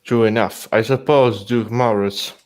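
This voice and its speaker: Man reading hesitant young prince, halting unpolished delivery, slightly low voice. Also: fairly even intonation, lightly acted. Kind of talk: reading a fanfic aloud with friends.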